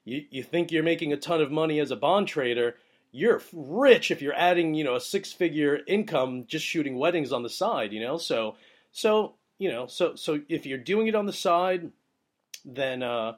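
A young adult man hosting a show, telling a rambling casual story and giving advice, with many fillers and excitable bursts. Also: fairly high pitch, normal speed. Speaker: wedding photographer, podcast host.

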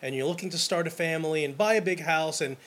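An energetic young man telling stories in a casual monologue. His voice sits a little high and bubbles with enthusiasm, often tripping over itself and restarting as he talks. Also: quick pace. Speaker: wedding photographer.

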